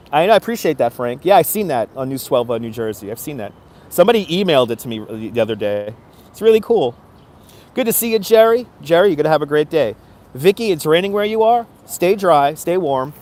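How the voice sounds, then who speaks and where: An upbeat man live-streaming outdoors on a city street from his phone, greeting viewers by name and giving them a motivational push. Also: on the high side. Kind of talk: casual live-stream chat.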